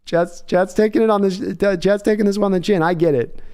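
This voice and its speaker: A man's voice: high voice, fairly even intonation, fairly quick, dark tone, clear, resonant tone. A young man hosting a live reaction stream, reading out viewer donations in a rambling, self-deprecating way with frequent laughs. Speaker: livestream host.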